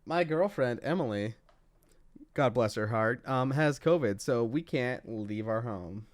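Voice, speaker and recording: A young man co-hosting a casual podcast chat, with an ordinary mid-pitched voice. He rambles loosely, leans on filler words and laughs easily. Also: animated, unhurried. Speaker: podcast co-host.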